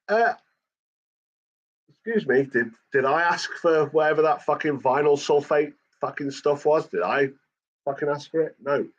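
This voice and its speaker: A man's voice: fairly high pitch, moderate pace. A man ranting in a casual chat, swearing constantly as he talks. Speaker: channel host. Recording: dull lo-fi recording.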